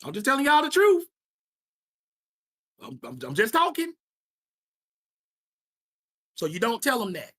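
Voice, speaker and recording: A man's voice: extremely high pitch, wildly swooping pitch, a little slow, long pauses, fairly bright tone. A man leads a Sabbath class with blunt, slangy advice for young people. He talks emphatically and keeps hammering his points home by saying them twice. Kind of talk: informal preaching to young people.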